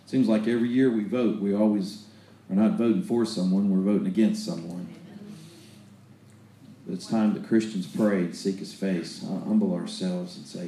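A man preaches a sermon with homespun stories, often stumbling and restarting his sentences. His voice is low and mellow. The sound rings in an echoey room. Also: fairly even intonation, normal speed, slight background noise. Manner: folksy storytelling with repeated restarts.

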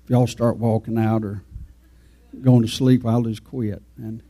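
A man preaches in a loose, homespun way, wandering through his points and chatting with the people in the pews. His voice sits at an ordinary pitch with a dark, mellow tone. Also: flat delivery, measured pace. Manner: folksy, rambling, talks to the congregation. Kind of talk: informal folksy sermon.

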